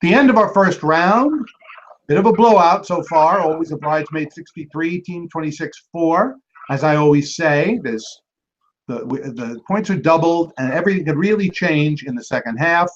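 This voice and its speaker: A man hosting a trivia match, reading each clue and then repeating it slowly, with quick joking asides to the teams. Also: on the high side, expressive. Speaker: trivia quizmaster. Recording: dull lo-fi recording.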